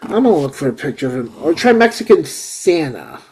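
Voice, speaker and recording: Excitable, rambling man with a lively voice. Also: on the high side, a little fast, husky. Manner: excitable, rambling, repeats himself. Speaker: host. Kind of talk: casual chat.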